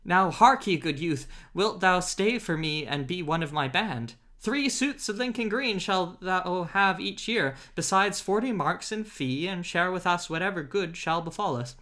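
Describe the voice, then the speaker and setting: A man's voice: high voice, animated, unhurried, hardly any pauses, sharp tone, heavily acted. A man voicing a jolly, bold outlaw leader who speaks old-fashioned English with a hearty, laughing manner, in an audiobook reading. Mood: commanding. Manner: hearty, laughing, archaic speech. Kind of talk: audiobook character voice.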